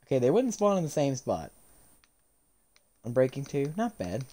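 A man giving live commentary as he plays a game, animated and often laughing, chatting to the characters on screen. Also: mid-range voice, normal speed. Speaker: streamer.

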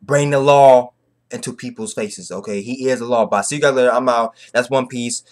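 A young man giving a casual, slang-heavy chapter recap, excitable and repetitive. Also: medium pitch, fairly quick. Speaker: manga reviewer.

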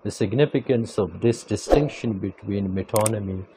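A man giving an academic lecture, speaking deliberately and repeating key phrases for emphasis. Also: on the low side, very noisy.

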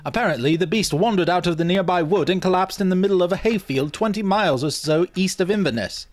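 A man's voice: sits high, fast talker, no room sound, voice pushed up, natural voice. A man voicing a mocking, know-it-all young man who needles his friend. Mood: needling, smug. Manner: derisive, needling.

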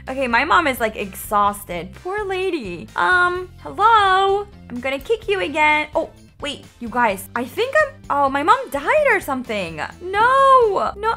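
A woman hosting a casual let's-play, reacting in an excitable, dramatic and giggly way over faint music. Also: extremely high pitch. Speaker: gaming channel host.

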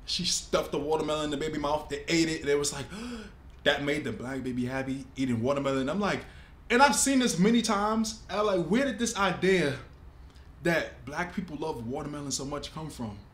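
A man hosting a reaction video, talking in an animated, emphatic, casual way. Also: a little high, normal speed, slight background noise. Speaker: host. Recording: echoey room with faint ambience.

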